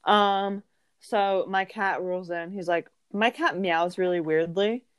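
Animated young woman telling stories. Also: mid-range voice, slow pace, clean tone, no room sound. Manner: animated, full of "like", acts out voices. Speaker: podcast co-host. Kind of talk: casual storytelling chat.

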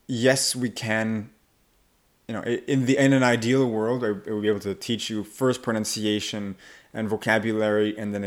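A man who works as an accent coach, talking casually in an interview and acting out the voices of people he quotes. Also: on the low side. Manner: animated, acts out quoted voices.

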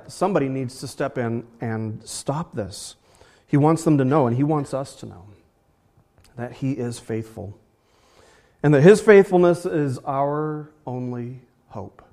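A man's voice: mid-range voice, normal speed, darkish tone. A man preaching a sermon in a conversational way, repeating phrases and rising sharply for emphasis. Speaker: pastor.

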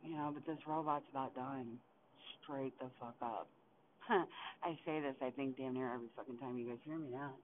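A young man hosting a podcast, venting in a frustrated, profane monologue full of halting restarts while sitting in his car. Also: medium pitch, steady tone. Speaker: podcast host. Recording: tinny phone-like recording with faint hiss.

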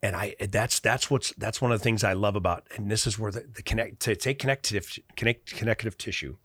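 Animated, profane veteran man telling stories. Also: on the low side, brisk, slightly rough, dry recording, clean studio sound. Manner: animated and profane, laughing as he talks. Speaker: podcast guest, military veteran. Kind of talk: casual storytelling.

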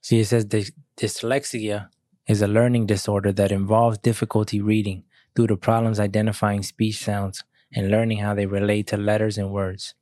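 A young American man in casual podcast chat, asking pointed questions and reading aloud haltingly. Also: on the low side, little pitch movement, dark tone, dry recording. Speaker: podcast co-host.

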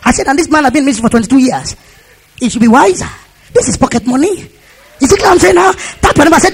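A man's voice: extremely high pitch, sing-song, rapid-fire, a faint crowd, a little hiss or hum. A man preaching a sermon, repeating phrases and leading the congregation in call-and-response. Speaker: pastor.

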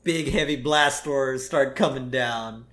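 A man co-hosting a podcast, chatting casually about a cartoon episode, laughing often and agreeing quickly. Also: mid-range voice, fairly bright tone. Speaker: podcast co-host. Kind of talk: casual episode recap chat.

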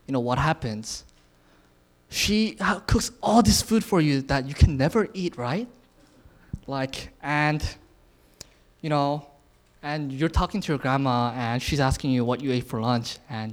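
A man in his twenties giving an informal sermon, casual, with lots of filler words and frequent chuckles. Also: mid-range voice. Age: 20s. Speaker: youth speaker sharing a message.

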